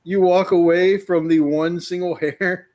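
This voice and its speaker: Jokey man with a higher voice. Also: steady tone, measured pace, a little mellow. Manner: jokey, laughs often. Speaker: podcast co-host. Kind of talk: casual live-stream chat.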